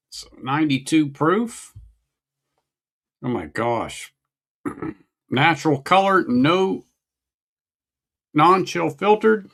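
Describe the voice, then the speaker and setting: A man's voice: on the high side, fairly bright tone. A middle-aged man chatting casually on a whiskey-tasting livestream, musing aloud and greeting viewers. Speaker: livestream host.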